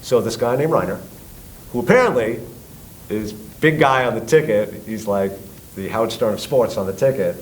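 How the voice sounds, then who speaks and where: A middle-aged man from New York with a New York accent, a guest telling a story with loud acted-out quotes and swearing. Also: on the low side, normal speed, a little hiss or hum, low-quality recording. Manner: lively, acts out quotes loudly, swears. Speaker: guest, tribute band singer. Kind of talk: animated storytelling.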